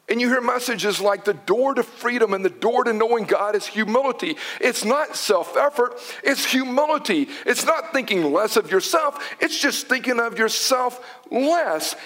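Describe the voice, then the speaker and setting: A male pastor delivering a sermon with a high, animated voice that swoops widely. He preaches dramatically and drops to hushed whispers to stress a point. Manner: dramatic, dropping to whispers for emphasis.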